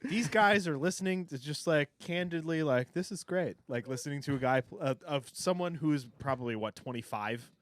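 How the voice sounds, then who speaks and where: A man co-hosting a podcast in casual chat, animated and playful. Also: a little high, normal speed, few pauses, no echo. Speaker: podcast host.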